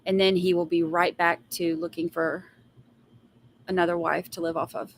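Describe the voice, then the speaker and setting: A woman's voice: on the low side, level tone, moderate pace, slight background noise. A woman hosting a live trial commentary, answering viewer comments and giving blunt, sassy opinions with exasperated rants. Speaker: trial commentary livestream host.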